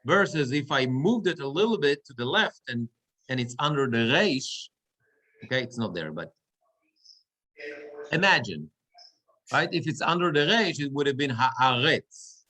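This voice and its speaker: A man's voice: a little high, animated, moderate pace, long pauses, sharp tone. A man, a cantor, teaching a Torah reading class and explaining step by step while checking that students follow. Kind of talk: class instruction. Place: synagogue classroom or online class.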